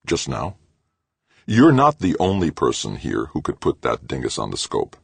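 A man's voice: huge pitch swings, normal speed, vocal fry, slightly rough, no room sound, heavily acted. A man voicing a stubborn, protective man in an audiobook, firm and insistent. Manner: firm, insistent, low and final. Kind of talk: audiobook character voice.

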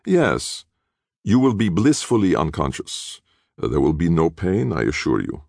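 Cynical smooth villain, as a man puts him on. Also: sits low, very animated, a little slow, darkish tone, no room sound, clean studio sound, voice pushed up, full character voice. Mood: sneering. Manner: smooth, mocking, contemptuous.

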